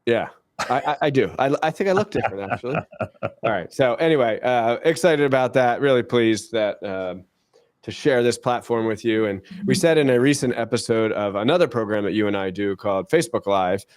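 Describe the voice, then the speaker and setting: A man's voice: medium pitch, fairly quick, no room sound, clean studio sound. Upbeat American man hosting a podcast. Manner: jokey, upbeat, self-deprecating. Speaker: podcast host, school superintendent. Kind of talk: casual podcast chat.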